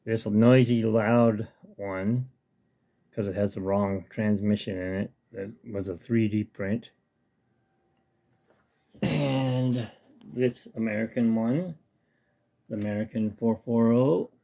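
A man's voice: fairly low pitch, slow, vocal fry, pauses often, warm tone. A man casually talking through his hobby work on a webcam at home, rambling and talking to himself as he tinkers. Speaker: hobbyist vlogger. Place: home hobby room with model train layout.

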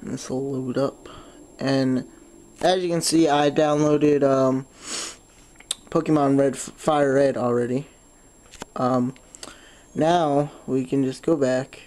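Man hosting a casual phone how-to, mellow voice, stuffy nose, loose and rambling with fillers. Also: medium pitch, steady tone, slow pace, long pauses. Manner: rambling, lots of "um", swears when frustrated. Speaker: tutorial host. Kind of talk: casual screen-recorded phone tutorial.

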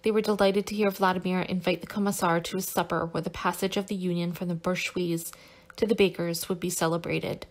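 Steady woman reading a novel aloud. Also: lowish voice, brisk. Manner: steady, careful reading with occasional small self-corrections. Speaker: audiobook narrator. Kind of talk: scripted novel narration.

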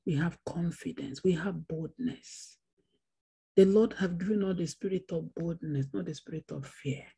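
A woman's voice: on the low side, gravelly, warm tone, slightly rough. A woman pastor preaching a Bible study sermon, repeating phrases for emphasis. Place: church.

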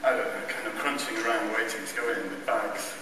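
At a carol event held in a large church, a man with a voice on the low side tells a humorous story from his childhood. He pokes fun at himself and chuckles throughout, speaking quickly with fairly even intonation. The sound is distant and echoey, with background noise.

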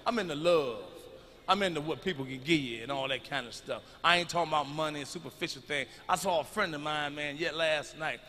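A middle-aged man performing a stand-up comedy routine, telling stories loudly and with plenty of profanity. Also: fairly high pitch, brisk. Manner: loud, profane storytelling. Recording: live arena recording with long reverb.

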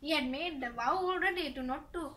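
A woman from Sri Lanka explaining a play to students, halting and repeating herself with many fillers. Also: high voice, pushed and bright. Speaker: literature teacher.

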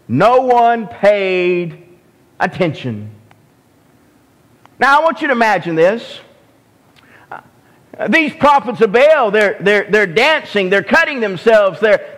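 Slow high-voiced Southern preacher in a reverberant church. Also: male voice, fairly bright tone. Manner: slow, deliberate preaching with repeated restarts. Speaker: pastor. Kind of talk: sermon. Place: church sanctuary. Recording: long hall reverb.

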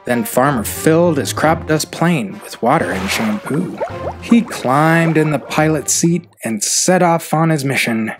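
A man reading a rhyming children's picture book aloud, with an expressive, rhythmic delivery. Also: on the high side, unhurried, faint music behind. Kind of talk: read-aloud storybook narration.

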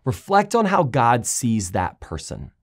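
Man preaching an animated sermon. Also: mid-range voice, measured pace. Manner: animated storytelling, raising voice for quoted complaints. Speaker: pastor. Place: large church auditorium.

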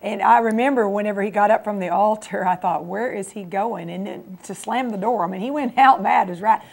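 Lady with a gravelly voice co-hosting a church tv talk, nudging her husband along. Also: medium pitch, a little fast, darkish tone. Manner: encouraging, prompts her husband to share. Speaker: co-host of a Christian TV program. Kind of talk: faith testimony chat. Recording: local cable TV studio.

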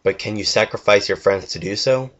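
A wise, regal princess gently questioning her pupil, as a man reading the story puts her on. The voice stays hushed and unhurried, rather low-pitched for her. The home recording sounds dull and lo-fi. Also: natural voice. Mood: solemn, gentle. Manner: soft, slow and hushed.

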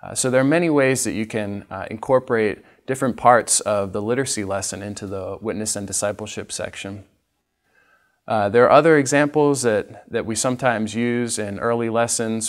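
A man's voice: on the low side, moderate pace. A man teaching a literacy training session, patiently demonstrating each step for teachers. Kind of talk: instructional training talk.

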